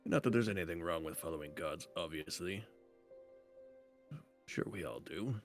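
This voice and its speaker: A man playing a thoughtful male dwarf druid in a tabletop game, measured and formal. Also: low voice, soft background music, close to an everyday voice. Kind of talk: tabletop role-play.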